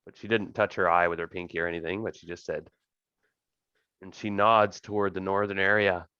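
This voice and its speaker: Low man's voice, game master, relaxed rambling narration, dry dull call audio. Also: fairly quick, smooth, no echo.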